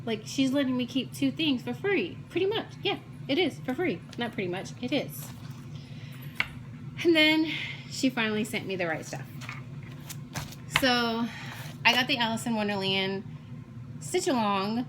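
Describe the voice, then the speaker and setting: A woman chatting quickly and excitedly as she shows her cross-stitch projects, jumping from one topic to the next. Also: fairly high pitch, background noise. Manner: fast, chatty, jumps between topics; excitable, gushing. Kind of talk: casual chat showing craft projects.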